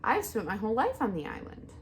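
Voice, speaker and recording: Sex: woman. Figure: a woman doing a calm, literal female robot from a storybook. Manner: even and measured. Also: a little high, slight background noise, pitched above the performer's own voice.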